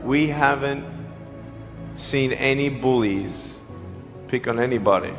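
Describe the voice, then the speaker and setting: A man giving a motivational speech to students, telling stories with humor and swinging between loud and soft. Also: mid-range voice, takes it slowly, over music. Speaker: motivational speaker. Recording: long hall reverb.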